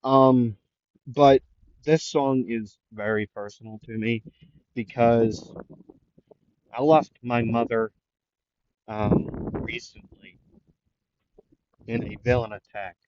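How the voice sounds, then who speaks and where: A shy, nervous teenage boy who speaks slowly and haltingly, with plenty of pauses and fillers, as a man puts him on. The recording is dull and lo-fi with a faint hiss. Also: medium pitch, steady tone, darkish tone, lightly acted. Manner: hesitant, halting, many fillers.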